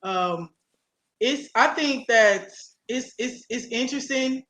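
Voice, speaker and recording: A bright, clear-toned young woman hosts a loose, casual chat. She rambles happily, reads out viewer comments, and trails off mid-thought. Her voice rings around a roomy, echoey space. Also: on the high side, slow pace. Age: young adult. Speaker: host.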